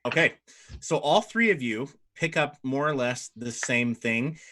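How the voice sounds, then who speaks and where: A man's voice: mid-range voice, animated, unhurried, pushed and bright. A man narrating as dungeon master in a tabletop game, rambling with fillers and restarts.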